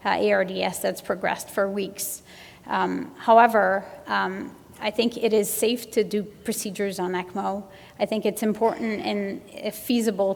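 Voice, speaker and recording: A woman gives a medical conference talk in an even, monotone delivery with a gravelly edge. She presses her recommendations earnestly. Her voice carries the long reverb of the hall. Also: mid-range voice. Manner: earnest, urges her points with repeated emphasis. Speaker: physician presenting at a medical conference. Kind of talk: conference lecture.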